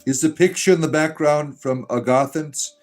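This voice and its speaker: A man's voice: on the high side, normal speed, darkish tone. Guy doing a livestream, joking around reading chat, laughs a lot, faint music behind. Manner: joking, irreverent, laughs often.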